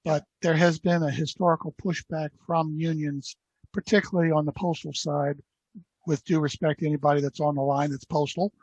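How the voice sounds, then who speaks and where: Male caller, raised pitch, raspy and husky, measured meeting comment, dull dry audio. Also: little pitch movement, dry recording. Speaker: association member on a call.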